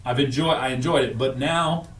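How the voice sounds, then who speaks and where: A man's voice: mid-range voice, moderate pace, fairly bright tone, roomy sound, recorded from a distance, a little hiss or hum. A man co-hosting a radio show, chatting casually, rambling and correcting himself as he goes. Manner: rambling, self-correcting, laughs at own jokes. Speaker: radio co-host. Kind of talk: casual morning radio banter.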